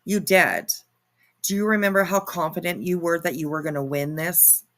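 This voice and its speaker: A woman's voice: on the low side, normal speed, fairly bright tone. A woman hosting her own commentary channel, reacting to clips in a sarcastic, mocking way and swearing freely.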